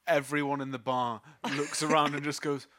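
A man's voice: a little high, moderate pace. A man narrating a tabletop game as game master, laughing through vivid descriptions. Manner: lively narration, laughing often.

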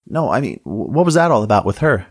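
A fussy young woman deputy, health-minded and full of prim, persistent questions, voiced by a man. She sits far higher than the deep storyteller's own voice, in a dry, close read. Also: big pitch swings, fast talker, breathy edge, dry recording.

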